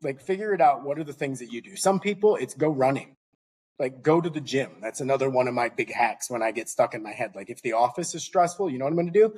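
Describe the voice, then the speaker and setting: A man guesting on a podcast, telling an anecdote in a casual, animated way and acting out the lines of the people in it. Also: mid-range voice, fast talker, slightly rough. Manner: animated, acts out dialogue in anecdotes. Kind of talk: conversational storytelling.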